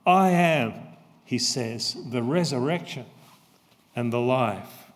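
A man preaching a sermon as pastor, slow and emphatic, repeating his key phrases. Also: medium pitch, expressive. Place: church. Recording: long church reverb.

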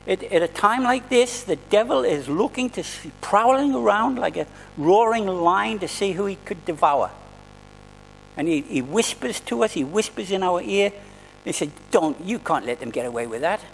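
High, gravelly-voiced male preacher. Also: lively intonation, moderate pace, long reverb tail, slight background noise, poor audio. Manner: earnest, conversational preaching with restarts. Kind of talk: sermon. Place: church hall.

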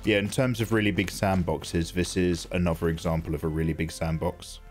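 A man chatting through live gameplay, excitable and jokey, thanking viewers as he plays. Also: sits low, a little fast, soft background music. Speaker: gaming streamer.

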